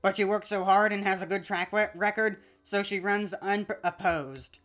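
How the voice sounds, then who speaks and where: A woman streamer plays through a game and reads its text aloud, chatting casually and correcting herself as she goes. Her voice sits at a middle pitch, with faint music playing underneath. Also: moderate pace, a bit bright.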